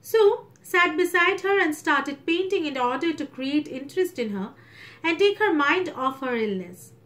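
Slow, high-pitched Indian English teacher. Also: female voice, lively intonation, a bit bright. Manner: retells each passage in simpler words. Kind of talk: English lesson, story explanation.

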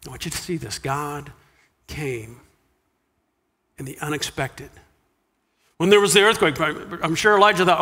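A man preaching a sermon as pastor, animated, dropping to a hush for quiet lines. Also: fairly high pitch, moderate pace, long pauses, husky, big-room sound. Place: church sanctuary.

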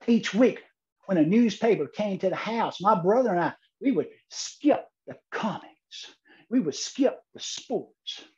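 A man giving a humorous keynote speech, telling a story deadpan with dramatic pauses. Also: high voice, dull audio. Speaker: keynote speaker.

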